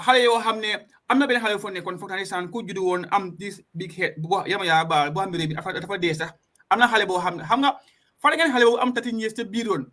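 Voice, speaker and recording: A man hosting a casual discussion, talking in an animated, emphatic way with frequent restarts. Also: high-pitched. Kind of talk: casual discussion mixing English and Wolof.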